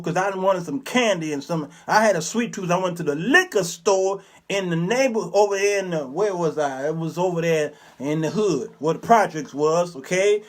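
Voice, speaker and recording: A man in his fifties with a high-pitched voice for a man, hosting his own talk show. He tells stories in an animated, preacherly manner, dropping into the voices of the people he describes. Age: 50s. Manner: preacherly, animated, acts out characters. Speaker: show host. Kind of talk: commentary monologue with storytelling.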